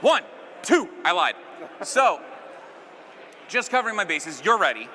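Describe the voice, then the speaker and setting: Bright-voiced man doing stage magic. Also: high voice, big pitch swings, a little slow, in a large hall, slight background noise. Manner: joking, playful crowd banter. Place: live stage at a convention.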